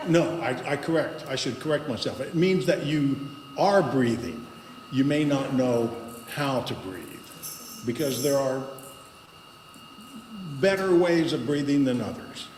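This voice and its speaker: Man, guest speaker, slow guided instructions, roomy meeting hall, audible background noise. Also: a little high, darkish tone. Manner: slow, guiding instructions with pauses. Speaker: guest speaker leading a voice exercise. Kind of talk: speaking to a congregation. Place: spiritual center meeting hall. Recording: echoey hall with long reverb and background noise.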